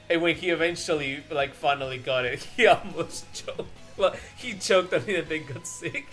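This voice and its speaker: A man's voice: on the high side, moderate pace, hardly any pauses, fairly bright tone, soft background music. Giggly rambling male streamer. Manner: laughs often, rambling with many restarts and fillers. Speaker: streamer host. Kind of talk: casual chat on an art stream.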